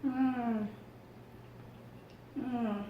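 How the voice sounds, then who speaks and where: A woman's voice: on the high side, steady tone, very slow, distant mic, narrow, tinny audio, a little hiss or hum. A woman hosting a casual mukbang eating vlog, murmuring over her food and giggling often. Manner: upbeat, murmurs between bites, giggly. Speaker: mukbang vlogger. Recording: very echoey room.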